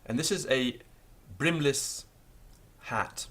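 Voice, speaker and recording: A man teaching a beginners' language lesson, patiently spelling out words letter by letter. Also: takes it slowly. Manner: lively pitch, stresses example words.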